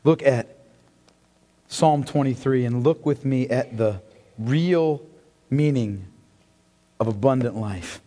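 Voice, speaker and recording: A man preaching a sermon in a church, impassioned and swinging between loud and hushed delivery. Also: medium pitch, slow, long pauses. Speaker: pastor. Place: church sanctuary. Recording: long hall reverb.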